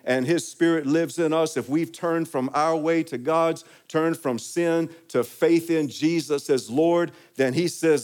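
A man's voice: a little high, measured pace, few pauses. A man preaching a sermon, leading the congregation in call-and-response and building to emphatic peaks. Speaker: pastor.

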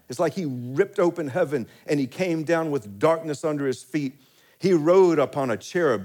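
A male pastor preaching a sermon, laughing often and reading scripture slowly and deliberately. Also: mid-range voice, a little mellow.

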